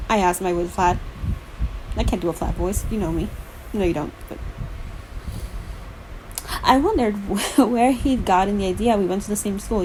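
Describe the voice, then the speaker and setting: A woman's voice: mid-range voice, moderate pace, long pauses, a little mellow, a little hiss or hum, low-quality recording. A young woman reading a novel aloud casually, breaking off with playful asides and laughs. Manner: chatty, laughs and asides between lines, playful. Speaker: reader. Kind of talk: casual novel read-along with commentary.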